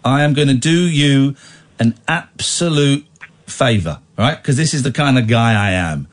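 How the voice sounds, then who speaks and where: A male radio presenter running a phone-in, sarcastic and teasing, swinging between mock outrage and deadpan. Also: mid-range voice, measured pace. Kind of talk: late-night radio phone-in.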